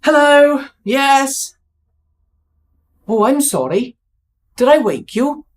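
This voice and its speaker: An apologetic, overly polite male tax clerk with a shaky Welsh accent, as a woman puts him on and a lively, bouncing pitch. Fussy and anxious to please, he keeps saying sorry. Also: slow. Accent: Welsh, put on badly.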